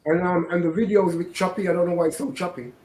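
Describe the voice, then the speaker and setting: A man's voice: high voice, fairly even intonation, rapid-fire, crowd noise. A man hosting religious commentary, preaching and often asking "right?". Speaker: host. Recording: echoey room.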